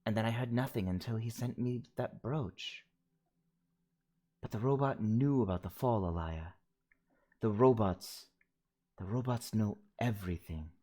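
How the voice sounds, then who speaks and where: A man's voice: lowish voice, unhurried, long pauses, mellow. A man voicing a stern, anxious older woman professor while reading game dialogue aloud. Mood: insistent.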